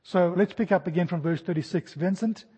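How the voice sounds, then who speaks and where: A man in his forties preaching an expository sermon, animated, acting out the jumps and shouts of his stories. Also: high voice, fairly quick, slightly rough, big-room sound. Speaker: pastor.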